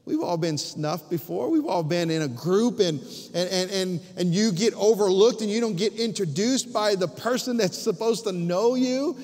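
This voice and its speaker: A male pastor preaching a sermon, emphatic and full of restarts, with sudden drops to hushed, near-whispered lines. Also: sits high, animated, moderate pace. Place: church sanctuary. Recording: long reverb of a church hall.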